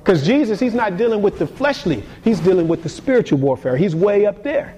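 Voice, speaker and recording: A man delivering a sermon with a fairly high voice. He talks casually and stumbles over repeated words, then climbs into sudden emphatic peaks before dropping back down low. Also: big pitch swings, brisk. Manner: dynamic preaching, swings between quiet and emphatic. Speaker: pastor.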